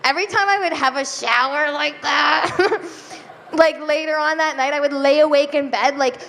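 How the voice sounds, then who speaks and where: A young woman performing a stand-up comedy set, giggly and self-deprecating, with drawn-out deadpan asides. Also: sits high, creaky. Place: comedy club stage before a live audience. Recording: live club recording with reverb, faint room noise.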